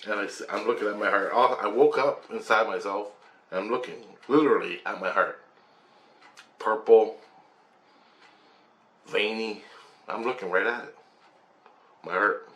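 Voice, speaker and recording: A man's voice: fairly low pitch, unhurried, pauses often, fairly bright tone. A man intensely recounting a personal experience, emphatic, swearing and making sound effects as he tells it. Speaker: storyteller. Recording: roomy sound with faint background noise.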